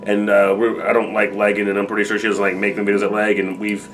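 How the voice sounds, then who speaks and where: A man's voice: on the low side, completely flat delivery, fast, fairly bright tone, a little hiss or hum, rough recording. A man co-hosting a reaction video from home, chatting casually with lots of swearing and rambling jokes. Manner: profane, rambling and joking. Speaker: co-host of a reaction channel. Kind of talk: casual chat.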